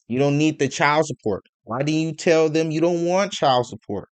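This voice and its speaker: A man's voice: on the high side, animated, moderate pace, few pauses, dry recording. A man giving casual ranting commentary, profane and rambling, piling up rhetorical questions between stammered fillers. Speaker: commentary vlogger.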